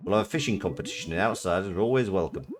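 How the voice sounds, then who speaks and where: A man's voice: low-pitched, animated, racing. A man voicing a jolly middle-aged village fisherman with a northern English accent and a hearty, showy delivery.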